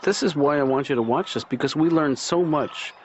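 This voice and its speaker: A man voicing a mild, hesitant middle-aged therapist in a cartoon, halting and repeating his words. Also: on the high side, a little hiss or hum, close to an everyday voice. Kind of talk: improvised cartoon dialogue. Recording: dull lo-fi soundtrack.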